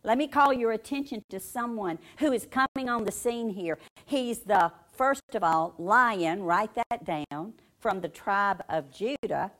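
Slow, emphatic woman preaching. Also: medium pitch, fairly bright tone. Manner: dramatic, emphatic, with heavy pauses and repetition; asks the audience direct questions. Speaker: Bible teacher. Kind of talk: sermon.

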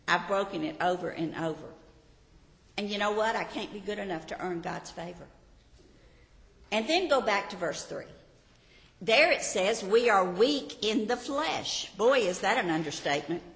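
A woman's voice: mid-range voice, lively intonation, normal speed, a bit bright. A woman teaching a Bible lesson to a group, earnest and often asking her listeners rhetorical questions. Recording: roomy hall reverb.

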